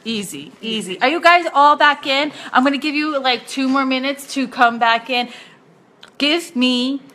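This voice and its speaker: A young woman hosting a casual live-stream chat, gushing and excitable, laughing often. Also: high voice, normal speed. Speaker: host.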